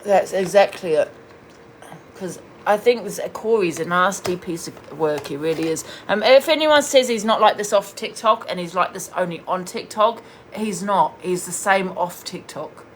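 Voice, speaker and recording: A woman's voice: medium pitch, normal speed, slight background noise. A woman streaming live, bluntly and scornfully ranting while she answers viewers' comments. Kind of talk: heated live-stream rant.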